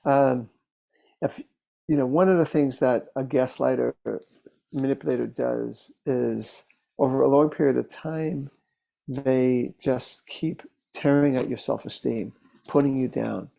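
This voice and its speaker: A man working as a therapist, telling case stories in a relaxed, conversational way, with fillers and restarts. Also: medium pitch, measured pace, vocal fry. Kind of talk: casual teaching talk with case stories.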